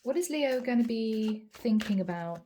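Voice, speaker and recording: A woman with a fairly high, mellow voice gives a channeled tarot reading. She talks in a calm, reassuring way and speaks straight to the listener. She repeats key phrases to let them sink in. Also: moderate pace, slight background noise. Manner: addresses the listener directly by sign. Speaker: tarot reader.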